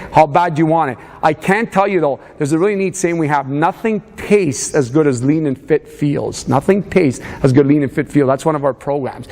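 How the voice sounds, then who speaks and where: A man's voice: fairly high pitch, a little mellow. A man leading a motivational fitness seminar, urging a live audience on with lots of energy. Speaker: fitness coach. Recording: reverberant hall.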